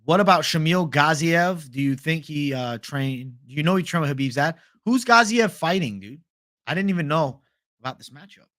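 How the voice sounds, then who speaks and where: A man's voice: fairly high pitch, animated, moderate pace, a bit bright. A young man hosting a casual livestream, swearing freely and reading viewer chat aloud. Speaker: livestream host.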